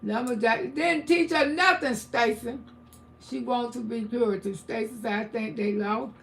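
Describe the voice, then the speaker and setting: Gravelly high-voiced older woman. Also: moderate pace. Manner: preachy, blunt, swings into loud shouting. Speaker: livestream host. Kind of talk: casual livestream commentary, reading chat.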